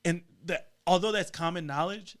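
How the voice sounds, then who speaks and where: A man's voice: high-pitched, normal speed, a bit bright. A man joining a podcast conversation, hesitant at first, then chatty and joking. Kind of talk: casual chat.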